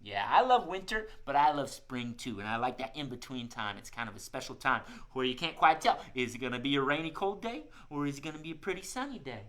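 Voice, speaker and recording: A man's voice: medium pitch, big pitch swings, fast talker, hardly any pauses, a bit bright. A man hosting a live children's music show, playful and coaxing, who often says "y'all" to his young audience. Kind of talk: live-streamed kids' show chat.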